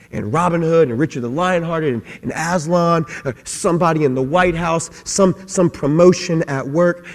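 A man preaching a sermon, swinging from quiet talk to loud shouting. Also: on the high side. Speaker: pastor. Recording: long hall reverb.

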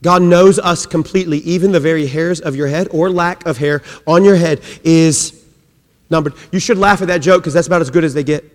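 A male preacher delivering a sermon, emphatic and repetitive, swinging between raised calls and hushed phrases. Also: on the high side, fairly quick. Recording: echoey hall.

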